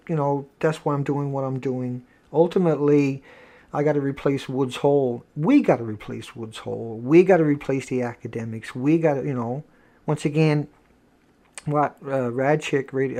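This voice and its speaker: Male host, slightly high-pitched, live-stream monologue, emphatic and preachy, rambling with self-corrections. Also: darkish tone. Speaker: host of a nightly online show.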